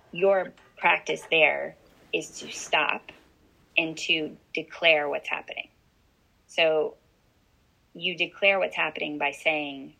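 A woman coach explaining calmly as an interview guest, often checking in with "right?". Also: low-pitched, creaky, low-quality recording.

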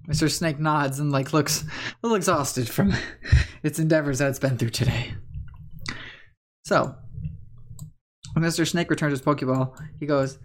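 A woman's voice: deep voice, moderate pace, pauses often. A woman narrating a tabletop game as game master, rambling with lots of fillers. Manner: rambling, filler-heavy storytelling.

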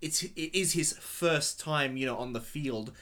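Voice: mid-range voice, a little slow, a bit bright. A podcast co-host talking through a film in a thoughtful, rambling way, full of fillers. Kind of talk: casual movie review chat.

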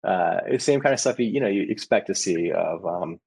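Man, 30s, founder in casual interview; husky low voice, lively with quoted asides. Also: fast, hardly any pauses, poor audio. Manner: animated, acts out quoted customers with restarts. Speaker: startup founder.

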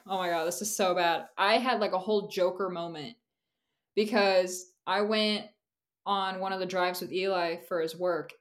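In easygoing podcast conversation, this young co-host speaks frankly and meanders, with frequent laughter and plenty of "like." She has a mid-range voice.

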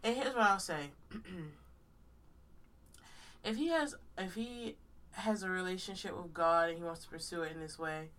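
A congested woman co-hosts a casual podcast, talking frankly and with emphasis. Her voice sits fairly low and a little away from the microphone. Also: normal speed, long pauses, a bit bright, recorded from a distance. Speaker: podcast co-host.

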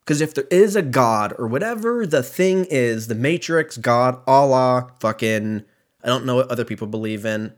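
A young man rambling through a solo podcast monologue, swearing freely and poking fun at himself. His voice sits at an ordinary middle pitch and he drifts from thought to thought. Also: moderate pace. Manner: profane, rambling, self-mocking. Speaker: podcast host. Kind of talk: casual solo podcast rant.

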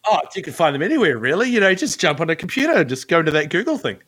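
A man co-hosting a casual podcast with a rather high voice that bounces around a lot. He rants and jokes, swearing freely. His tone is bright and forward. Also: sing-song, rapid-fire, husky. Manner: profane ranting, jokey. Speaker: podcast co-host.

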